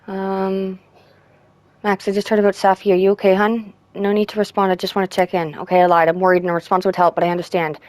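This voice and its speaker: A woman streamer reading out in-game text messages in a soft, subdued way. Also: mid-range voice, flat delivery, fast, dry recording. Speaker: gaming streamer. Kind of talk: reading game texts aloud.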